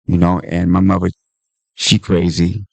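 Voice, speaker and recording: In a low-pitched, gravelly voice with no echo, a comedian and author from Washington, D.C. speaks unhurriedly at a book talk. He tells conversational stories from his own life, animatedly imitating the voices of the people in them.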